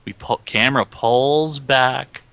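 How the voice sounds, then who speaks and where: A man's voice: mid-range voice, slow, sharp tone, clear, resonant tone, dry recording. A man talking as a guest in casual chat, earnest and analytical. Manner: earnest, analytical film talk.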